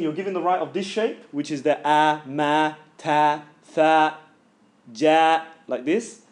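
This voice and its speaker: A man teaching Quran recitation in a casual classroom style, voicing sounds aloud to show them and checking in with "yeah?" as he goes. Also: fairly high pitch. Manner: chatty, keeps checking in with "yeah?". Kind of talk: informal classroom lesson.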